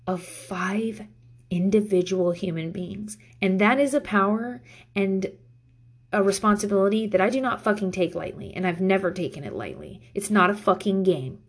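A woman's voice: mid-range voice, slightly rough. A woman in her thirties talking casually to camera as a parent, candid and profane, rambling with lots of fillers. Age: 30s. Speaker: parent vlogger.

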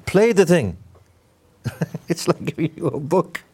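A man's voice: on the high side, animated, darkish tone, husky. Middle-aged man preaching conversationally. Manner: questions the audience, emphatic with sudden slow stresses. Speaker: Islamic preacher. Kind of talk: conversational sermon.

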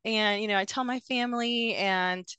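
A woman's voice: a little high, moderate pace, sharp tone, clean tone, no echo. Young woman guest on a podcast, hesitant, lots of ums, dry close mic. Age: young adult. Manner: hesitant, many fillers and restarts. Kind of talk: personal story in an interview.

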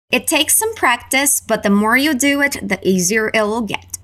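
A woman with a Canadian accent teaching an English lesson and repeating phrases slowly for learners. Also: on the high side, expressive, fairly bright tone. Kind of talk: slow, clear language lesson.

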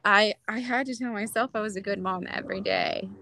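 A woman's voice: mid-range voice, fairly quick, bright, forceful tone. A young woman, a mother, talking candidly as a podcast guest, often laughing and acting out quoted lines. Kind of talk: casual interview chat.

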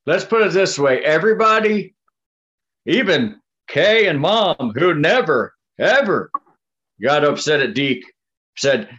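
Male podcast co-host, relaxed, slightly high voice, dull lo-fi sound. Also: takes it slowly. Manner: relaxed, keeps saying "man" and "you know what I mean". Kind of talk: casual chat. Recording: dull lo-fi audio.

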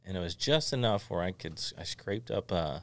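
A man in his forties from Florida hosts a casual conversation. His voice sits low but swings around a lot as he jokes and spins anecdotes. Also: fairly quick, gravelly. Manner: animated, joking storyteller. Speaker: podcast host. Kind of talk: casual chat.

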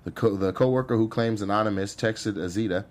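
A man co-hosting a casual podcast chat, joking and animated. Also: fairly low pitch, a little fast. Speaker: podcast co-host.

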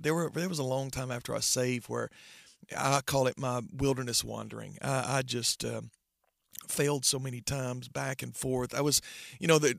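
A man's voice: medium pitch, gravelly, fairly bright tone, no room sound, studio quality. A middle-aged man, a pastor, telling his testimony earnestly in an interview, with frequent halts and restarts. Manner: earnest, halting with many restarts. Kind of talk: personal testimony in conversation.

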